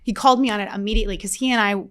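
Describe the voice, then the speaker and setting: A woman in her thirties, a podcast co-host, telling a story in casual chat, animated and self-mocking, swearing freely. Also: medium pitch, racing.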